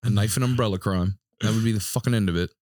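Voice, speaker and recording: Animated man telling stories on a podcast. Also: on the low side, fast talker, dry recording, studio quality. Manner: animated storyteller, acts out little scenes. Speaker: podcast co-host. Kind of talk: casual banter.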